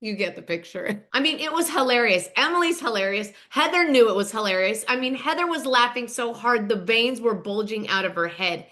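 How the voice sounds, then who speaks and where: A woman hosts a gossipy recap of a reality show and is animated and sarcastic. Her voice is bright and sharp and sits fairly high. She leans hard on each punchline. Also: brisk, hardly any pauses. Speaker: podcast host.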